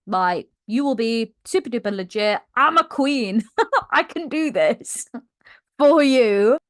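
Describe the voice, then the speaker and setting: A woman's voice: on the high side, lively intonation, slow pace, no echo, studio quality. A woman playing a cocky young queen. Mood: smug.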